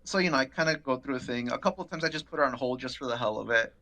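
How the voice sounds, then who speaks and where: Gravelly man telling a lively story. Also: medium pitch, rapid-fire. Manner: animated, swearing, acts out quotes. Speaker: podcast guest. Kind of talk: casual storytelling.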